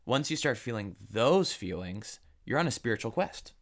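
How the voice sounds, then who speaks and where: A man's voice: medium pitch, very animated, moderate pace. A man hosting a podcast conversation, agreeable and affirming toward his guest.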